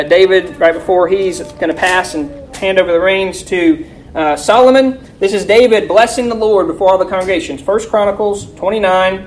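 A woman teaching a Bible lesson, reading scripture slowly and forcefully and quizzing her listeners with rhetorical questions. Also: medium pitch, a little hiss or hum, poor audio.

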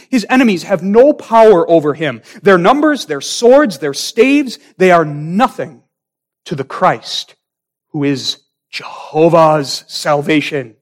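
A man preaching a sermon, reading scripture slowly and dramatically, swelling on key words and dropping to a hush. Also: a little high. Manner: slow, dramatic delivery with emphatic swells and hushed drops.

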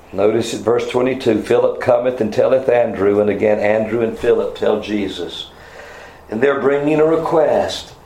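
A man preaching a sermon, teaching verse by verse with quick asides and self-corrections. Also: mid-range voice, darkish tone, roomy sound, a little hiss or hum, poor audio. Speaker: pastor. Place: church sanctuary.

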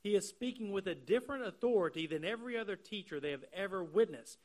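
High-voiced man preaching an earnest sermon. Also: animated, a little mellow. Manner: earnest, explanatory, slows down to stress key phrases. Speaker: pastor. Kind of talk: expository sermon.

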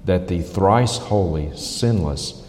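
A man's voice: deep voice, animated, slow pace, darkish tone, soft background music. A man preaching a critical sermon, emphatic and repeating phrases for stress. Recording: echoey hall reverb.

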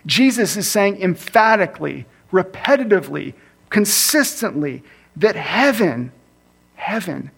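A man in his thirties preaching a sermon, earnest, slowing and speeding up for emphasis. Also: vocal fry, fairly bright tone, husky. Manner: earnest, varies pace for emphasis, acts out his kids with a higher voice. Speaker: campus minister preaching.

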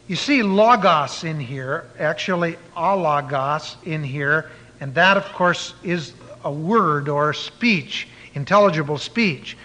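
A man's voice: a little high, lively intonation, unhurried, hardly any pauses, pushed and bright, big-room sound, slight background noise. A man preaching a sermon in an emphatic way, at times spelling words out letter by letter.

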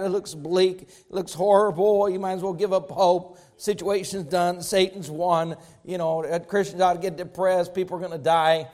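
A man pastor preaching a sermon, with emphatic rising bursts, repeated phrases. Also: high-pitched.

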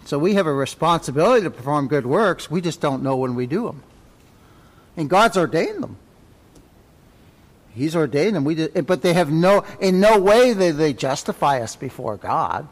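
A man teaching a Sunday school Bible class, folksy and conversational, often repeating his points and asking "right?" His voice sits a little high for a man. Long reverb from the church hall trails each phrase. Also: lively intonation, measured pace.

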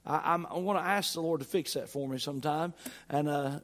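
A man's voice: a little high, a little fast, long reverb tail. A man preaching a sermon in a folksy, conversational way, his emphasis rising and falling. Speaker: pastor. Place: church sanctuary.

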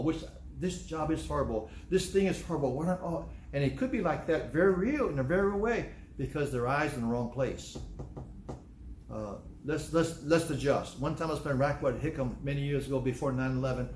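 A man's voice: fairly high pitch, a little hiss or hum. A male pastor preaching a sermon, repeating phrases for emphasis and acting out quoted voices. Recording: echoey room, faint ambience.

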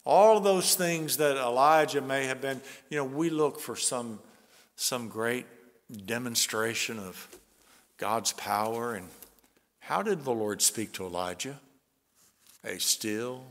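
A man preaching a sermon as pastor, earnest and conversational, with soft chuckles between points. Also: mid-range voice, slow pace. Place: church sanctuary. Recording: long church reverb.

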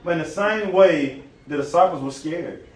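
Animated high-voiced man preaching. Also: moderate pace, recorded from a distance. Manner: animated, folksy, talks directly to the audience. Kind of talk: sermon. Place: nursing home room. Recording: echoey room, recorded from afar.

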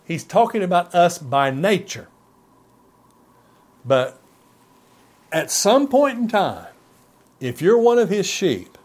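A man preaching a sermon as pastor, pressing his points with emphatic rises and sudden quiet drops. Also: a little high, slightly rough. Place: church TV broadcast.

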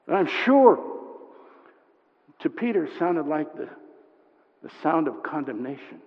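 A man preaching a sermon, telling stories and swinging from hushed asides to impassioned build-ups. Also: on the high side, very animated, a little slow, pauses often. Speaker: pastor. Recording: dull lo-fi sound, long hall reverb.

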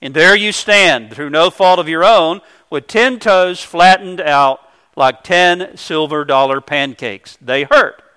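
A man's voice: fairly high pitch, takes it slowly, bright, forceful tone, smooth. A man preaching a sermon, earnest and explanatory, walking through a scripture passage with homely illustrations. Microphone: microphone.

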